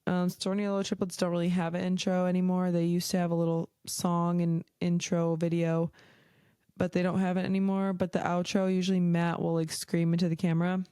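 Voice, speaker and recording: A young woman rambles through a casual solo podcast, swearing freely and drifting from one tangent to the next. Her voice is mellow and smooth. The recording is close and dry, with no room sound. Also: fairly low pitch, level tone, brisk, dry recording. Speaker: podcast host.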